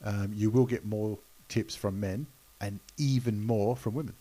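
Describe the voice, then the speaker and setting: A man's voice: fairly low pitch, steady tone, measured pace, dark tone. A man co-hosting a podcast, chiming in with jokes and hesitant, filler-heavy asides. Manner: hesitant, lots of ums and uhs, jokey interjections. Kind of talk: casual chat.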